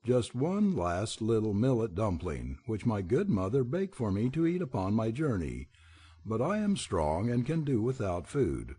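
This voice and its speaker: A brave, kindly young warrior speaks with steady resolve, read by a man. His voice is low and mellow with a slightly husky texture. He sounds earnest and determined. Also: unhurried, full character voice. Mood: resolute. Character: brave kind young male warrior hero.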